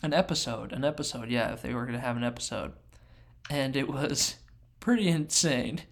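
A man co-hosting a casual podcast, telling a story in an animated way and acting out the other people's voices. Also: mid-range voice, normal speed. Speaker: podcast co-host.

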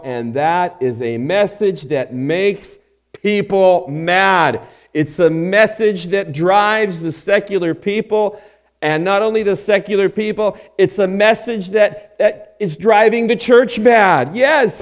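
Pastor guy preaching, high voice for a man, drags his words out, loud then suddenly quiet. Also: very animated, slow. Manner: emphatic preaching with rhetorical questions, swinging between loud and hushed. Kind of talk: sermon.

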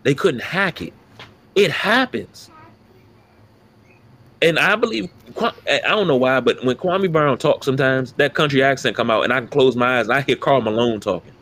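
Animated, profane male sports podcaster. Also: mid-range voice, moderate pace. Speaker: podcast co-host. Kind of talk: casual sports talk.

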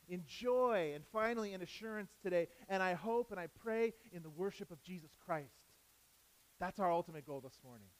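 A man preaching a sermon, repeating key phrases for emphasis and asking the congregation rhetorical questions, swinging between loud emphatic lines and soft low asides. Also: rough recording. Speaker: pastor.

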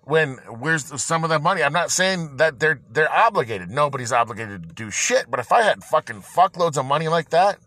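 A man's voice: a little high, animated, brisk, hardly any pauses, bright, forceful tone, no room sound. A man hosting his own podcast, ranting angrily and heatedly with constant swearing and rambling restarts. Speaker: podcast host. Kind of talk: angry ranting monologue.

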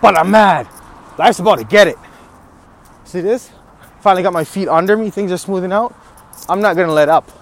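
A man's voice: high voice, brisk, long pauses. A man hosting a podcast, delivering a riled-up, trash-talking motivational rant with bursts of laughter. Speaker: podcast host.

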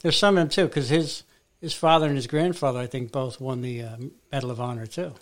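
A podcast co-host tells stories in casual, rambling chat, constantly interrupting and restarting himself. His voice is mid-range with fairly even intonation, and he speaks briskly.

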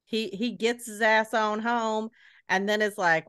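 A woman's voice: a little high, fairly bright tone, smooth, no room sound. Dry-voiced woman retelling a book. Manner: laughing, storytelling with quick quoted voices. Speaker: podcast co-host retelling a book. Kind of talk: casual chat.

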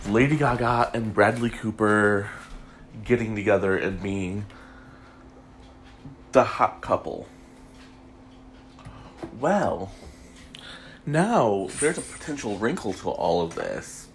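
A male podcast host gossips about celebrities in a loose, unhurried way, often pausing on an um or a small laugh. His pitch swings widely from line to line, and he takes his time getting each thought out. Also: very animated, a little hiss or hum. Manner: chatty, laughing, lots of ums. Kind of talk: casual celebrity gossip chat. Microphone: studio mic.

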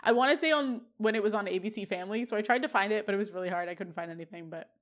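A young woman co-hosting a podcast, retelling scenes in a lively casual chat and acting out the quoted lines. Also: medium pitch, racing. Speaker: podcast co-host.

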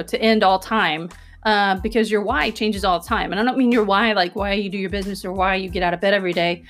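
Earnest woman coaching her podcast listeners. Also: medium pitch. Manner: earnest, coaching, checks in with "okay?" and "right?". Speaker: podcast host. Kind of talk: self-help podcast monologue.

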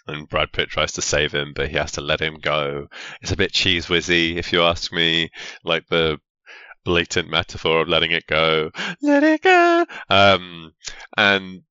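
A man's voice: rumbling low, little pitch movement, measured pace, pushed and bright, clear, resonant tone, no echo, dull audio. A man co-hosting a podcast, chatting casually and sardonically about a film and swearing freely. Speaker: podcast co-host. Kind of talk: casual film-review chat.

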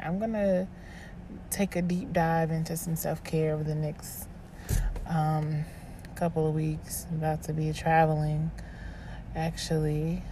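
Podcast host, woman, lowish voice, exhausted, halting monologue diary. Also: flat delivery, mellow, slight background noise. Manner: weary, halting, restarts and trailing off.

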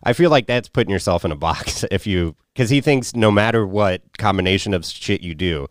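A man's voice: sits low, dry recording, clean studio sound. A man co-hosting a casual movie review chat, laughing often and swearing freely. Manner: laughs often, swears, does quick impressions. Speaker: podcast co-host.

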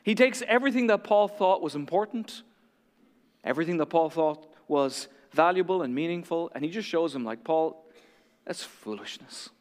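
A man preaching a sermon as a pastor, telling a story dramatically, dropping to a hush and then building to emphatic peaks. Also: on the high side, animated, brisk, long reverb tail.

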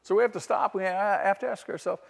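A male pastor delivers a sermon in a church, pressing his points and firing rhetorical questions at the congregation. His voice sits fairly high for a man. The sound carries a long hall reverb. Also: steady tone, fast, creaky.

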